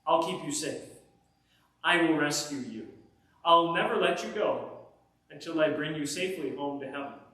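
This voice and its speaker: A man voicing Jesus as a calm, comforting adult man in a children's Bible story, speaking gently and slowly, recorded echoey from far off. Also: on the high side. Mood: reassuring.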